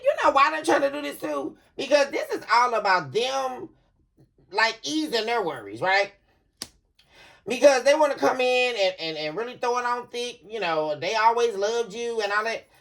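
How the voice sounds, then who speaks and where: Animated woman giving a tarot reading. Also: a little high, gravelly. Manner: animated, laughing, addresses viewers as y'all. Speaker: tarot reader. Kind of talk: casual psychic reading to viewers.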